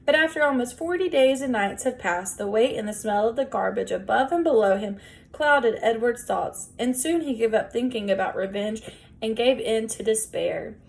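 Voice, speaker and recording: A woman reading a children's novel aloud in a gentle, measured storytelling voice. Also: a little high, vocal fry. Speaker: audiobook reader.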